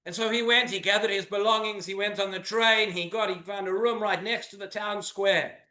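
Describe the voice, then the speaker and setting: Male rabbi, earnest sermon with rhetorical questions; high, bright voice; roomy synagogue echo. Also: fairly even intonation, moderate pace.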